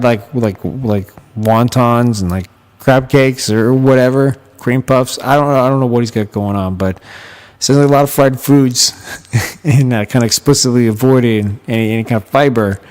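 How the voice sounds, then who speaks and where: A man's voice: medium pitch, a little mellow. A man hosting a casual comedic podcast monologue from a hotel room, rambling and profane, laughing often. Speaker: podcast host.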